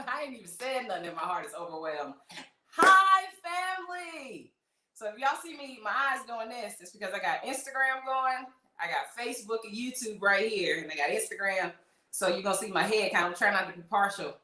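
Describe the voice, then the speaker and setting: A woman hosting a livestream, greeting viewers by name in a gushing, emotional way, her voice trembling with excitement. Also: on the high side, echoey room. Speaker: livestream host.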